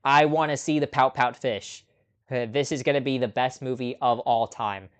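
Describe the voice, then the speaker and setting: A man's voice: medium pitch, steady tone, moderate pace, smooth. A man hosting a casual live movie chat stream, talking off the cuff with frequent little laughs and ums. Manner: chatty, laughs often, lots of ums. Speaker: host.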